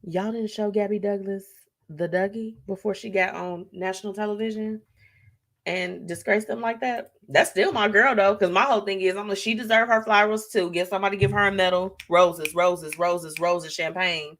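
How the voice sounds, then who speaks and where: A woman hosting a live show in an easy, chatty way. She laughs often and throws in slangy asides. Her pitch jumps high and drops low as she reacts to viewer comments. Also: steady tone, moderate pace, a bit bright. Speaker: host.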